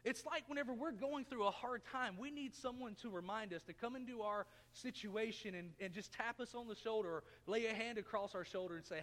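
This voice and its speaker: A man's voice: high-pitched, brisk, hardly any pauses, fairly bright tone. A man in his thirties preaching a sermon, telling a personal story in a folksy, self-mocking way. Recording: long reverb of a church hall.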